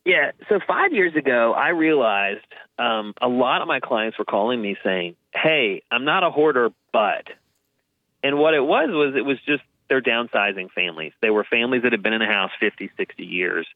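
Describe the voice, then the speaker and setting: A man's voice: mid-range voice, no room sound. A man, a guest on an interview show, casually telling stories about helping families downsize and acting out the people in them. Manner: lively storyteller, acts out quoted voices, says "man" and "dude". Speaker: guest, downsizing and hoarding cleanup expert. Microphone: phone line. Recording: tinny phone line, dry.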